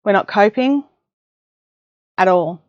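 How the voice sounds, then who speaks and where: A woman's voice: mid-range voice, expressive, slow pace, darkish tone, no room sound. Chatty Australian woman, dry lo-fi audio. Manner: chatty, self-mocking, reads viewer comments aloud. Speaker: craft livestream host. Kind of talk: casual live chat. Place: home craft room. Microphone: desk mic, listening on headphones. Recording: dry, dull lo-fi livestream audio.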